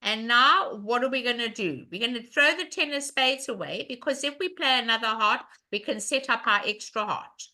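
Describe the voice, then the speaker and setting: A woman's voice: on the high side, normal speed, hardly any pauses, pushed and bright. A woman teaching a live online bridge lesson, walking through a hand in a chatty way and asking the class questions as she goes.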